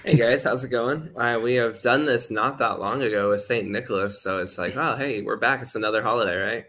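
A man's voice: medium pitch, fairly quick, fairly bright tone, slight background noise. A man who is a preacher, a guest on a podcast, chatting in an easygoing way. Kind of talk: casual podcast chat.

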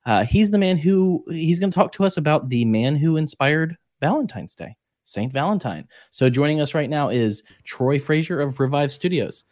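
A man's voice: a little high, expressive, normal speed, few pauses, a little mellow, dry recording. A man co-hosting a casual podcast, joking and rambling loosely, on a close, dry mic. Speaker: podcast co-host.

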